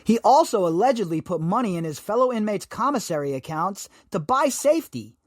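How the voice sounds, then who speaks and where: A man's voice: sits high, very animated, brisk, dry recording, clean studio sound. Sarcastic, emphatic male podcaster. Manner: emphatic, sarcastic, rhetorical questions. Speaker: podcast host. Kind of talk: opinionated commentary.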